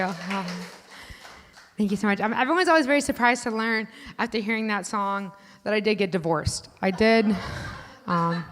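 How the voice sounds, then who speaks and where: A woman from Indiana performing a stand-up comedy set, chatty and self-deprecating, building to loud punchlines. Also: medium pitch, in a large hall. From Indiana, USA. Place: comedy club stage. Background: live audience.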